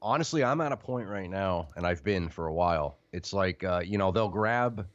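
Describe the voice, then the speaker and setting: Deep-voiced man on a muffled line. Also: expressive, normal speed, no echo. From central Pennsylvania. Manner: rambling, trailing off. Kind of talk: casual chat.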